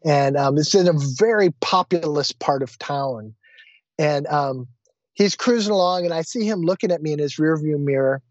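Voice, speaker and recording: A man who teaches Vedanta, a guest telling a personal anecdote. He tells it lively, acting out the quoted voices and often restarting his sentences. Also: a little high, normal speed, dry recording, highs cut off.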